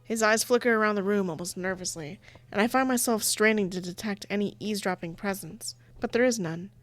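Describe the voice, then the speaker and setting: A woman's voice: mid-range voice, fairly quick, no echo. A woman playing a visual novel, reading its narration aloud in a chatty, giggly way with casual asides. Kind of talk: reading game narration with live commentary.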